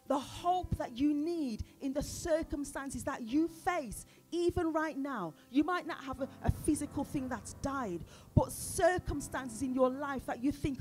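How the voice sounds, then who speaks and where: A woman's voice: sits high, animated, a little slow, a little mellow, soft background music. A woman preaching a sermon at a church service, often putting questions to the congregation.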